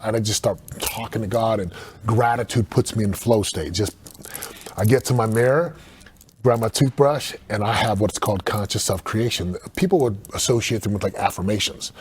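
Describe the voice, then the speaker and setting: A man speaking as a podcast guest, telling stories in an earnest, animated way and acting out quotes. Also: fairly low pitch, normal speed, slight background noise. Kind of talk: casual podcast conversation.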